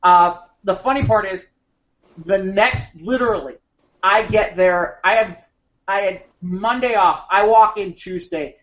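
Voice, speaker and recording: A man co-hosting a podcast, telling an animated, rambling anecdote with frequent restarts. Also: high voice, measured pace. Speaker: podcast co-host. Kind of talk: casual storytelling chat. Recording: slightly muffled podcast audio.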